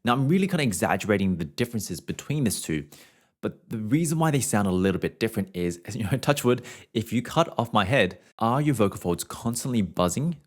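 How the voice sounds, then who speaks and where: A man's voice: on the low side, big pitch swings, fairly quick. A young adult man, a voice teacher, explaining singing technique in a casual way and showing it with hums and short scales.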